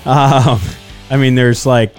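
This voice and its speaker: Male podcast host, casual, halting delivery with many ums, soft music bed. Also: medium pitch, flat delivery. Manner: laughs often, halting with fillers. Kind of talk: casual chat.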